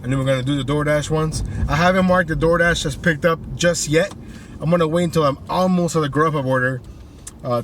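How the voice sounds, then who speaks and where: A man's voice: fairly high pitch, recorded from a distance, a little hiss or hum. A man narrating a casual vlog about his delivery shift from inside his car, upbeat and chatty, with many fillers like "you know" and "like". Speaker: delivery driver vlogger. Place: inside a car while driving.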